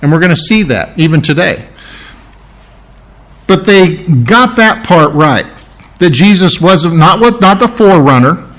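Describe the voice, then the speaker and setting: Man, pastor, conversational sermon, slightly high voice, self-correcting. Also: expressive, measured pace, long pauses, a bit bright.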